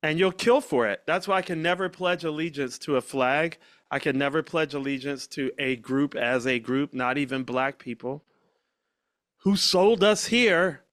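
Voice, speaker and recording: A man's voice: on the high side, moderate pace, a bit bright, dry recording. Man, podcast host, blunt, emphatic, dry close sound. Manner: blunt, emphatic, acts out quoted voices. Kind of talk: casual conversation.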